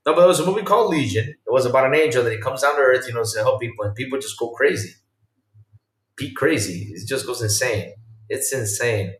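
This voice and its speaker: A male podcast host chats casually on a livestream, reacting to viewer comments while talking fast. He's excitable and rambling, swinging between low mumbles and loud outbursts, and the distant mic gives a roomy sound.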